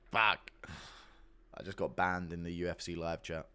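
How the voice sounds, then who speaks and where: A man's voice: low voice, fairly even intonation, unhurried, sharp tone, clean tone. Profane rambling young streamer guy. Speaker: live streamer reading donations. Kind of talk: casual chat.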